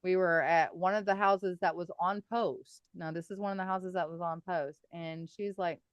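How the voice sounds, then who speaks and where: Animated woman telling ghost stories. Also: fairly low pitch, moderate pace, smooth, no echo, highs cut off. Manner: animated storyteller, laughs often. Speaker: guest paranormal investigator. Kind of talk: casual podcast storytelling.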